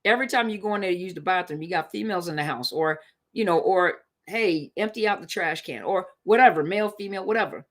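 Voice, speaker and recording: Here the relationships live-stream host speaks in a lowish, expressive voice at a quick pace. She keeps it casual and emphatic, saying things more than once so they stick.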